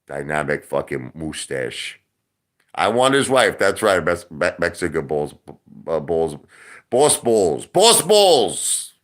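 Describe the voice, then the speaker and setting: A man's voice: rumbling low, expressive, slow pace. A middle-aged man ranting on a livestream, boastful and mocking, with crude insults and repeated lines. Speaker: online video host.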